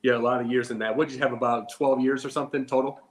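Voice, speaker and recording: A man's voice: mid-range voice, fairly even intonation, very fast, roomy sound. A man hosting an interview, asking long, chatty questions. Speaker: host.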